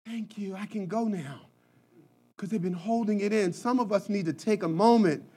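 A male pastor preaching an impassioned sermon, moving between shouted cries and hushed, quiet passages. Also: high-pitched, moderate pace, slightly rough.

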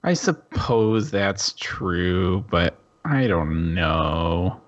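A man voicing a melancholy, heartbroken man who sighs and mopes in a slow, low voice. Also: expressive, dull audio, a little hiss or hum, full character voice. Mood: mopey. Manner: sighing, mopey. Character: heartbroken melancholy man sighing after his fiance left.

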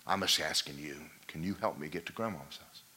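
A man's voice: very deep voice, fairly quick, pushed and bright, husky, voice pushed down, heavily acted. A man voicing a lost, weary little male jungle creature who keeps pleading for help and repeats himself.

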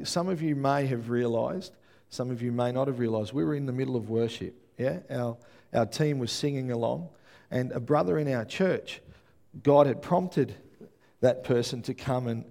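An Australian man preaching a sermon as pastor, telling stories with lively energy and often checking in with the congregation. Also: mid-range voice, vocal fry. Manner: animated storytelling with frequent "yeah?" check-ins to the congregation.

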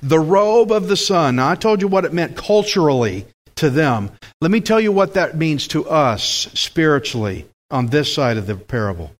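Emphatic male preacher, fairly high voice. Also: expressive, moderate pace, hardly any pauses. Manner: emphatic, asks the congregation questions. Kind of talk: sermon.

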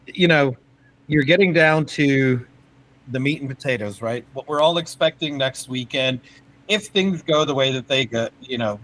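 A man co-hosting a casual sports podcast, his voice sitting in an ordinary middle pitch. He talks with eager enthusiasm but stumbles through fillers and restarts as he builds his point. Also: fairly bright tone, poor audio. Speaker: podcast co-host.

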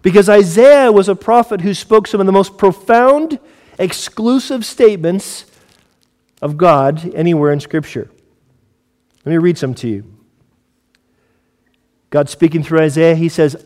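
A man delivers a sermon in a somewhat higher voice, in a hall with a long echo. He moves from hushed, intimate talk to loud, emphatic scripture reading. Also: normal speed, long pauses. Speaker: pastor. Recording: long reverb of a large hall.

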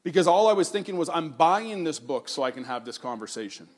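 A man preaches with earnest warmth of conviction, recounting a personal encounter in easy conversational speech. His voice sits a little high for a man, and he draws out key words to drive a point home. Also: sing-song. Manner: earnest, conversational storytelling, slows down for emphasis. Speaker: pastor. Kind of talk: sermon-style personal story and exhortation.

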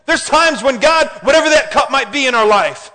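A man preaching a sermon in an animated way, often asking the congregation questions. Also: extremely high pitch, moderate pace. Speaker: pastor. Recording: hall reverb.

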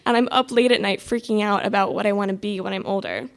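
A woman's voice: medium pitch, fairly even intonation, fast talker, creaky. A teenage girl telling a personal story in an exasperated, sarcastic, self-mocking way. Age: mid-teens.

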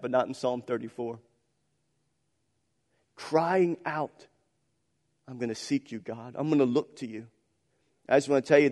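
A man's voice: mid-range voice, a little mellow. A man preaching a sermon with passion, repeating phrases and asking rhetorical questions. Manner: impassioned, repetitive, rhetorical questions. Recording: long hall reverb.

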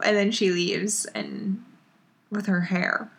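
A woman co-hosting a podcast over a remote call, retelling a TV episode in an animated, chatty way. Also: medium pitch, very slow, long pauses. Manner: chatty, animated retelling with lots of "like" and quoted lines. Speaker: podcast co-host recapping a TV show. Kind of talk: casual chat.

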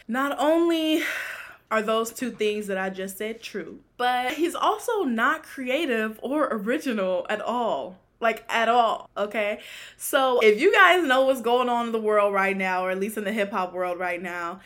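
A woman's voice: medium pitch, fairly bright tone. A young woman hosting a casual gossip podcast, sassy and laughing often, trailing off in exasperation. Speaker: podcast host.

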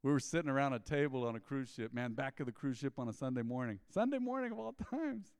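A man's voice: mid-range voice, fast talker, smooth, no echo, clean studio sound, big-room sound. A male pastor, preaching a conversational sermon and acting out the people in his stories. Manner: animated storytelling, mimicking people in quoted asides. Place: church.

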